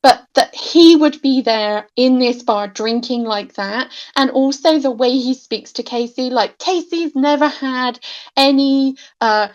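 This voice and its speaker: Woman, higher voice, chatty and opinionated, muffled lo-fi sound. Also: measured pace. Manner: animated, opinionated. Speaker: podcast panelist. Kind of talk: casual fan discussion.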